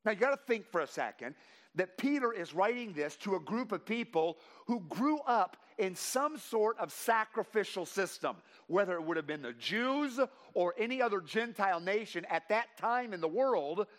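A man preaching a sermon to his congregation, reading scripture slowly with emphasis and praying in a softer voice. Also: high voice, expressive. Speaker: pastor. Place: church sanctuary. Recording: long reverb of a large hall.

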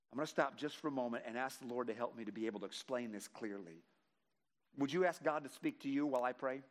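A man preaching a sermon to his congregation, reading scripture slowly with emphasis and praying in a softer voice. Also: on the high side. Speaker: pastor. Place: church sanctuary. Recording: long reverb of a large hall.

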